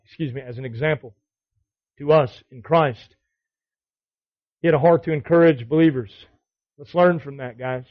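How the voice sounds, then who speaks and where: A man's voice: medium pitch, dry recording, highs cut off. A man teaching a Bible study to other men, exhorting them with repeated commands and rhetorical questions. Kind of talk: sermon.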